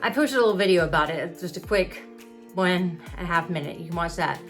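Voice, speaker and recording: A woman's voice: on the low side, fast talker, faint music behind. A woman in her thirties vlogging candidly about her epilepsy, talking openly and conversationally to her viewers. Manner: open, confessional, conversational with fillers. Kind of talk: candid personal storytelling to camera.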